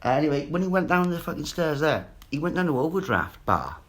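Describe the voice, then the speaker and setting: A man's voice: a little high, big pitch swings, brisk, fairly bright tone. A man, ranting in a rambling, sweary monologue and repeating himself. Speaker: vlogger.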